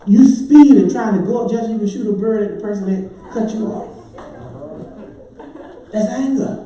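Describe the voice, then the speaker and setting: A man, a pastor, preaching a sermon with lively voices for his congregants, breaking into shouts and sung phrases. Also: high-pitched, normal speed, crowd noise. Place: church sanctuary. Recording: echoey church heard from far off.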